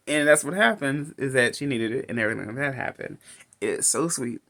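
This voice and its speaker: Male reviewer, casual rambling recap, very lively pitch. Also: brisk, creaky. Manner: rambling, restarts often, laughs between lines. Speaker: movie reviewer.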